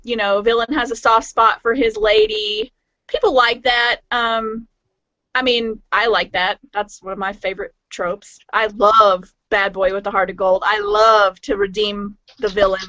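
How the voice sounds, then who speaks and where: A woman author chatting on a podcast panel, thoughtful and rambling with many pauses. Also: fairly high pitch, bright, forceful tone, no echo. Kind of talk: casual chat. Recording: dry, dull lo-fi audio.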